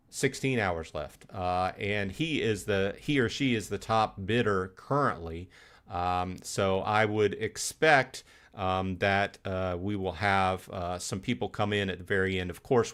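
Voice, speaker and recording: A man with a somewhat low voice hosts a casual gaming live stream. He rambles through chat and matches, filling pauses with ums and uhs and restarting his sentences. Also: a bit bright. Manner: rambling, many fillers and restarts.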